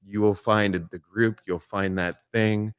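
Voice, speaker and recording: A man's voice: lowish voice, flat delivery, unhurried, clean tone, dry recording. A man speaking passionately and bluntly on a panel, swearing and saying "like" often. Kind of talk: motivational panel talk.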